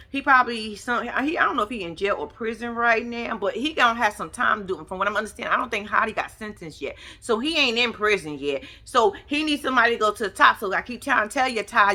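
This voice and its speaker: A woman giving a profane, sassy, animated recap commentary. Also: fairly high pitch, fast talker, hardly any pauses. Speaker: reality TV recap vlogger. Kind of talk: casual commentary.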